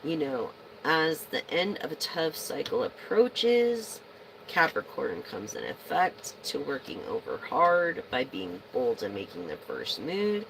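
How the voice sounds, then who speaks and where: A woman's voice: sits low, sing-song, slow pace, vocal fry, slight background noise, poor audio. A woman reading tarot to her viewers in a rambling, casual way, swearing freely as she vents. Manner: rambling, profane venting. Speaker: tarot reader.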